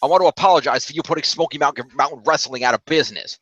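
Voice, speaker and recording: A man's voice: fairly high pitch, very fast, a bit bright, husky, no room sound, muffled recording. A man putting on a New York mafia-style accent to play a brash, defensive man reading out a sarcastic apology. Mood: mocking. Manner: mocking, sarcastic delivery of a read-out statement.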